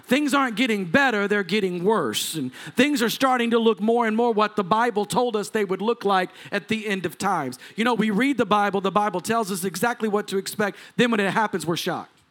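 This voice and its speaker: High-voiced preaching man. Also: fairly quick, hardly any pauses, a bit bright. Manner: preaching with rising intensity and audience asides. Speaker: lead pastor. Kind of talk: sermon. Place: church sanctuary before a congregation.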